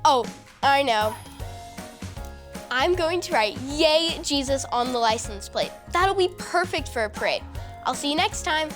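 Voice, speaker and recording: Bright high-voiced woman host. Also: animated, a little slow, long pauses, music in the background. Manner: upbeat, talking straight to kids, asking them to answer. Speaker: children's ministry host. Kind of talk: kids' show wrap-up.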